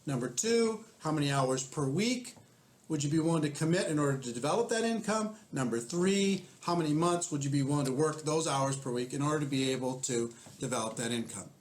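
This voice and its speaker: A man's voice: a little high, animated, a little fast. A man coaching network marketing, methodically walking through numbered questions in casual talk.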